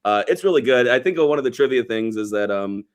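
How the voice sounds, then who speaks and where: A man's voice: medium pitch, animated, fast talker. A man co-hosting a casual movie podcast, rambling and wry, swearing casually as he picks apart scenes. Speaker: podcast co-host. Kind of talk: casual movie review chat.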